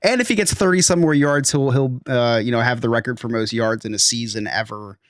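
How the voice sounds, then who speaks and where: A man's voice: mid-range voice, a little fast, dry recording, clean studio sound. A man, co-hosting a casual podcast and telling rambling stories with frequent laughs. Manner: rambling storyteller, laughs often. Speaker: podcast co-host. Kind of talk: casual chat.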